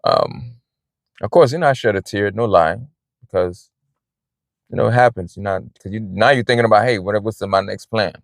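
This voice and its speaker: A man's voice: lowish voice, normal speed, creaky, no room sound, studio quality. A man vlogging from a big parking lot outdoors, talking in a rambling, earnest, casual way, often saying "man" and "you know.". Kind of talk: casual personal vlog talk.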